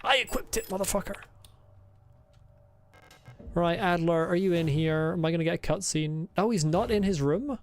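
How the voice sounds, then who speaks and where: A woman's voice: on the low side, moderate pace, long pauses, a little mellow, soft background music. A woman playing a game and talking as she goes, swearing, joking sarcastically and laughing. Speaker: gaming channel host. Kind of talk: casual game commentary.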